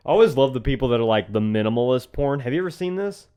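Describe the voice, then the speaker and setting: A young man in loose, profane podcast banter who breaks into laughter often. His voice sits at an ordinary middle pitch. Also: lively intonation, quick pace, warm tone, slight background noise. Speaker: podcast co-host. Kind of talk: casual crude chat.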